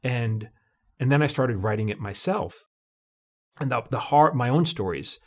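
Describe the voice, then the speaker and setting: A man's voice: mid-range voice, unhurried. A middle-aged man, a TV comedy writer, telling stories in an interview and acting out what people said. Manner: animated storyteller, acts out voices in quotes. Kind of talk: conversational interview.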